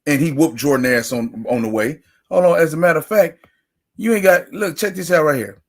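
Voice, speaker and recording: A sports talk show host with a fairly high-pitched, brisk voice runs a casual livestream. He rants emphatically and greets chat viewers by name.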